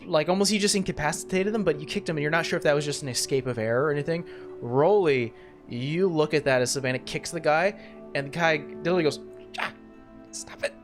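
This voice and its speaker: This game master of a tabletop game talks quickly in a slightly high voice, rambling through his narration with plenty of fillers and false starts. Soft music plays behind him.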